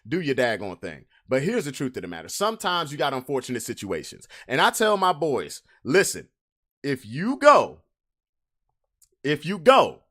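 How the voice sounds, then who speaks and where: A man hosting a casual livestream podcast, reading memes to his chat with drawn-out emphatic delivery, loose slang. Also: medium pitch, a bit bright.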